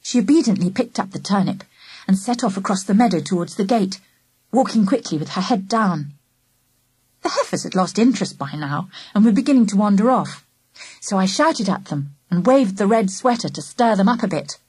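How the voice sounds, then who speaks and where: A woman narrating a children's story aloud in a lively, animated first-person voice. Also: mid-range voice, normal speed, slightly rough, no echo. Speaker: audiobook narrator.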